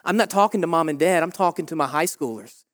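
A youth pastor preaching a sermon in church, emphatic and animated, addressing the teenagers directly. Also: mid-range voice, fast talker.

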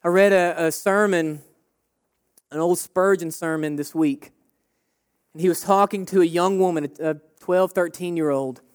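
A man's voice: high voice, steady tone, a little slow, smooth. A man of forty, a pastor, preaching a sermon with fervent, repeated short phrases. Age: 40s.

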